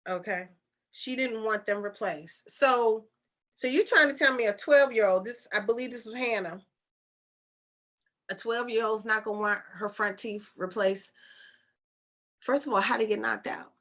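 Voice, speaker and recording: A woman's voice: a little high, normal speed, pauses often, fairly bright tone. A woman retelling a story in a casual monologue, chatty and incredulous, with rhetorical questions and informal speech. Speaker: channeler and storyteller.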